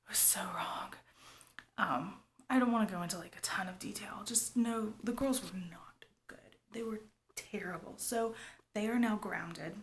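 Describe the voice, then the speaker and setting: A woman who runs a family vlog confides in her viewers, rambling and often dropping to a whisper, with lots of "like" and "you guys." Her voice is medium-pitched at a normal speed, with slight background noise.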